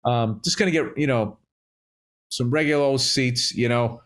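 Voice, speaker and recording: A middle-aged man from Massachusetts, co-hosting a podcast and telling sports stories in a loose, profane, animated way. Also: medium pitch, normal speed. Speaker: podcast co-host. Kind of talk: casual chat.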